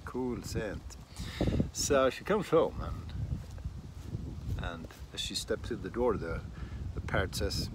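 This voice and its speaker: Man, slow rambling chat, lively pitch, outdoors, faint wind behind. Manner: rambling, self-deprecating, many restarts. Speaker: shaving vlogger. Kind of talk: casual outdoor vlog chat. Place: outdoors in a windy garden.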